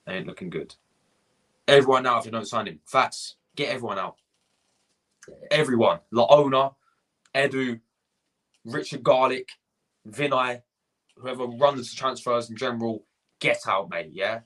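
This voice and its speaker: A young man rants on a live stream, swearing and going over the same point again and again. His voice is forceful and husky. He breaks off to greet people in the chat. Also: mid-range voice, normal speed, pauses often. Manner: ranting, swearing, repeating himself. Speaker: fan channel host.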